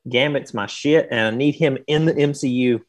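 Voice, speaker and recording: A man's voice: mid-range voice, moderate pace. A man co-hosting a casual live-stream show, talking enthusiastically with casual slang. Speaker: podcast co-host.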